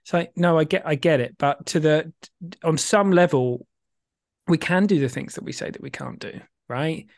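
A man co-hosting a podcast, explaining ideas in an animated, emphatic way with casual swearing. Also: on the high side, normal speed, no echo, clean studio sound. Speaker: podcast co-host.

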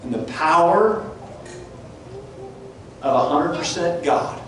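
A man preaching a sermon and reading scripture aloud, his voice climbing high and loud for the mockers and dropping low and quiet for the somber moments. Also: expressive, takes it slowly. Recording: distant mic in a very echoey room with faint noise.

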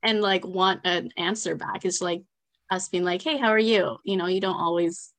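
A woman's voice: lowish voice, little pitch movement, moderate pace, fairly bright tone. A young woman with a Canadian accent, a podcast guest chatting casually and laughing often. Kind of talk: casual chat.

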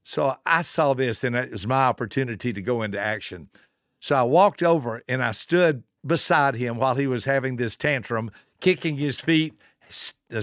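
An older man hosting a motivational podcast, telling stories in an animated way, laughing at his own anecdotes and spelling out acronyms slowly. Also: fairly high pitch, no room sound, clean studio sound. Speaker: podcast host and speaker. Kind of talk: motivational talk with storytelling.

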